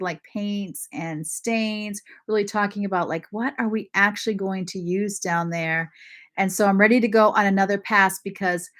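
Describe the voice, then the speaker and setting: A woman from Maine hosting a casual livestream, chatting warmly with viewers, often apologizing and laughing as she reads their comments. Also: mid-range voice. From Maine, USA. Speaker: lifestyle channel host.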